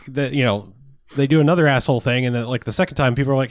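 A man's voice: medium pitch, steady tone, very fast, no echo. Profane ranting man, dry sound. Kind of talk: casual film review chat.

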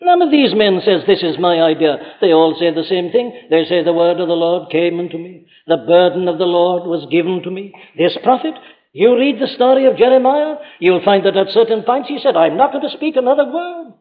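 A man's voice: high voice, normal speed. An older man with a Welsh accent preaching an earnest, urgent sermon from a church pulpit, full of rhetorical questions. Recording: phone-like archive recording in a reverberant hall.

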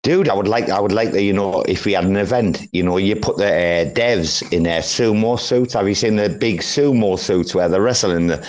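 Low-voiced rambling man. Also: normal speed, few pauses, a little mellow. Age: 40s. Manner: rambling, sweary, restarts a lot. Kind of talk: casual group audio chat.

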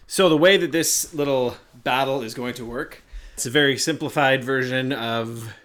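A man guesting on a podcast as game master, eager and a bit halting. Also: medium pitch, a bit bright. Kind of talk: casual podcast talk.

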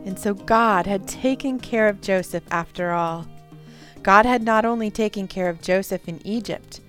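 A woman tells a Bible story in a gentle, expressive way, leaning into key moments. Her pace is very slow and measured, and faint music plays softly underneath. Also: medium pitch.

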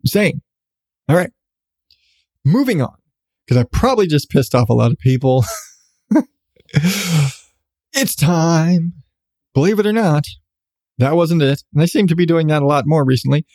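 A man's voice: on the high side, lively intonation, unhurried, pauses often, darkish tone, dry recording, studio quality. A man hosting his own podcast, ranting in a sarcastic, profane way about news stories. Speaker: podcast host. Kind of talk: solo podcast commentary.

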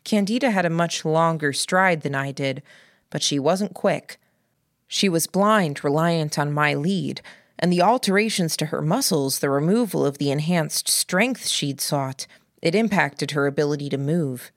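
A woman narrates an audiobook with a low, unhurried voice. Her reading is measured and even, and the sound is close and dry. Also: dry recording. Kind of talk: scripted narration.

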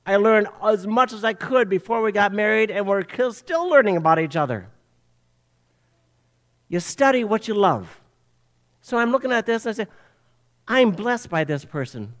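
An older man with a notably high speaking voice, preaching a sermon. He tells stories with animated rises and drops, as a preacher talking to his congregation. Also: moderate pace, pauses often. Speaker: pastor.

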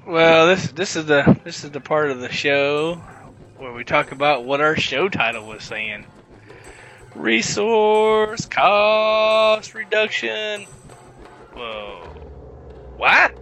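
A man's voice: a little high, normal speed, sharp tone, soft background music, poor audio. A man co-hosting a casual gaming podcast, telling a long story and acting out his friends' lines. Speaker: podcast co-host.

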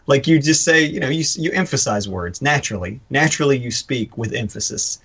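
A man's voice: mid-range voice, a little fast, creaky, few pauses, a bit bright, husky. A man co-hosting a podcast, talking animatedly and emphatically, swearing freely. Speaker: podcast co-host. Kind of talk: casual chat.

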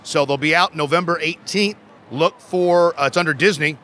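A man joking and teasing loudly while selling at a convention booth. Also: fairly high pitch, normal speed, a little hiss or hum. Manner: loud, teasing, theatrical outbursts. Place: busy convention floor.

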